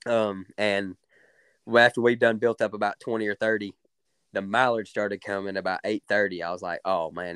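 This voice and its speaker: A young man with a drawl tells his stories with excited energy, repeating himself and leaning on fillers. His voice sits low and comes across smooth and resonant. The sound is dry and close, with no room around it. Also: no room sound. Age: young adult. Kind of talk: casual storytelling.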